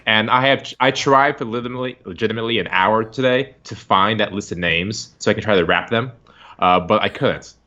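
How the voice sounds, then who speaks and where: A man hosting a casual podcast chat, rambling and excitable, often laughing. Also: lowish voice, a little fast. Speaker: podcast host. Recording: dull lo-fi stream recording.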